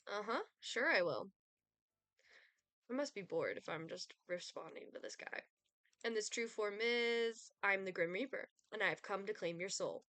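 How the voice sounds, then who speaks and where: A woman's voice: medium pitch, animated, normal speed, fairly bright tone, no room sound. A young woman streaming a game, reading her replies with sarcasm and laughing often. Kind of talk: casual gameplay commentary.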